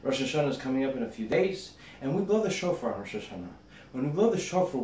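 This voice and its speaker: A male rabbi gives a spoken meditation, unfolding a parable in a gentle storyteller's way. His voice sits at a middle pitch. It comes from a little off the mic, with a roomy echo and faint background noise. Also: far from the mic.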